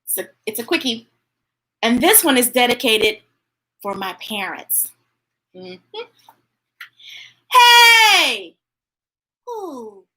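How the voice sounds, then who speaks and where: A woman hosting a children's storytime with a bright, high voice that swoops up and down all the time. She is playful and chatty and laughs easily. She talks in an unhurried way. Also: low-quality recording. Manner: animated and playful, talks to children and reads chat messages; laughs easily and gets emotional. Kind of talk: live read-aloud storytime chat.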